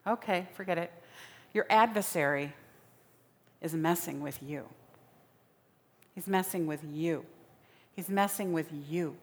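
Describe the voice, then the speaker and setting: A woman's voice: lowish voice, unhurried, long pauses. A woman preaching a sermon in a dramatic style, repeating phrases for emphasis. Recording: long reverb of a large hall.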